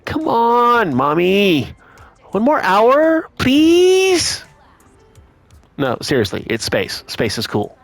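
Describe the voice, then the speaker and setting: A man voicing an excited little girl who begs to be taken out, in a whiny, drawn-out manner. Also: high-pitched, gravelly, dry recording, faint music behind, voice pushed up, exaggerated voice. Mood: pleading.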